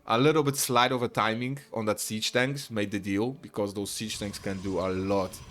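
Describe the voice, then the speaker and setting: A man casting a real-time strategy match live, chatty and quick to burst into excited shouts. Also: on the low side, slight background noise. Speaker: esports caster. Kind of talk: live play-by-play game commentary.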